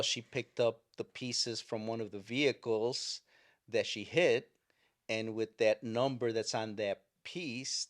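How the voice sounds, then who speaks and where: An older man, a chaplain, telling stories in an interview in a halting way, with many fillers and restarts. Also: lowish voice. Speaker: chaplain and guest. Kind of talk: storytelling interview.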